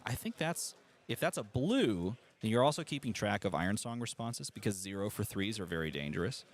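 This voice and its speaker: A man's voice: fairly low pitch, big pitch swings, a little fast. A man doing live play-by-play commentary on a card game tournament, chatty and analytical, talking to the stream chat and laughing easily.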